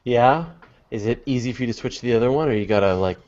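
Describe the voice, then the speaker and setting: A man's voice: mid-range voice, quick pace, lo-fi sound. A man hosting a live online astronomy stream, chatting casually with his guests and calling on them in turn. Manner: relaxed, joking, moves guests along. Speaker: host.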